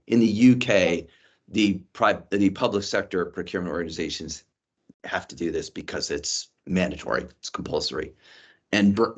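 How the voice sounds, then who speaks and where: A man with a very low voice explains his company's business during a webinar question session. He talks in a measured, explanatory way and often restarts his sentences. He is heard through a video call. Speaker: company executive on a vendor webinar. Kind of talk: unscripted webinar presentation.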